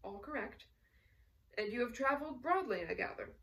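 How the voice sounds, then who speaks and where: A woman's voice: a little high, animated, moderate pace, a bit bright, far from the mic. A woman reading aloud as a suave middle-aged male colonel with a genial, inquisitive manner.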